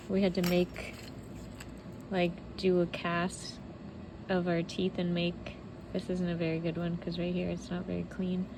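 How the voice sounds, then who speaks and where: A woman's voice: lowish voice, completely flat delivery, takes it slowly, long pauses, background noise. Heartfelt rambling woman vlogging at home. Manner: rambling and heartfelt, many "like" fillers. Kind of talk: casual personal vlog. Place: home while sorting belongings.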